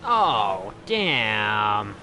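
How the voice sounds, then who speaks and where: A man's voice: on the low side, very animated, drawn-out words, sharp tone, a little hiss or hum. Crude, chatty young gamer guy. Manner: crude, swears freely, chats to viewers. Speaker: streamer. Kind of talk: casual let's play commentary.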